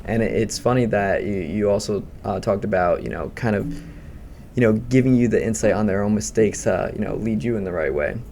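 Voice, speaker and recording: A man's voice: lowish voice, a little fast, warm tone, slight background noise. A man hosting a podcast, chatting casually and thoughtfully with many "you know" fillers. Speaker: podcast host. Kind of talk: casual interview chat.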